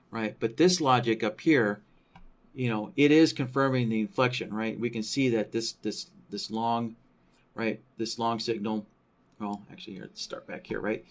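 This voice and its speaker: A man teaching trading software in a screen-recorded tutorial, thinking aloud with many fillers and a habitual "right?" after his points. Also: mid-range voice. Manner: thinking aloud, frequent tag question "right?"; many fillers like "you know" and "um".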